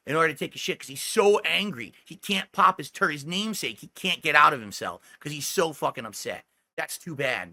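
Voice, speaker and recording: Male streamer, high voice, boastful and mocking, lots of swearing. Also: bright, forceful tone, no room sound. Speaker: livestreamer. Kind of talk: livestream rant.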